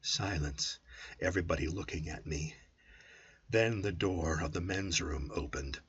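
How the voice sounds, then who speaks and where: A man narrating a first-person story as an audiobook, with an intense, brooding delivery that drops to a hush at times. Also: sits low, unhurried, husky, no echo. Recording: dull lo-fi audiobook recording.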